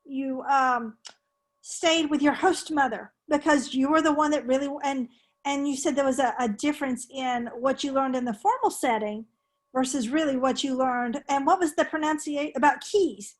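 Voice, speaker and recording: Woman teacher with a high voice, rambling and hesitant in casual shop talk. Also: moderate pace. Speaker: English language teacher. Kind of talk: casual professional discussion.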